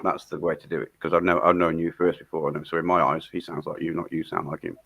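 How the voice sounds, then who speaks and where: A man's voice: extremely low pitch, flat delivery, fast, vocal fry, bright, forceful tone, breathy edge, no echo. A man in casual chat, blunt and sweary, laughing often.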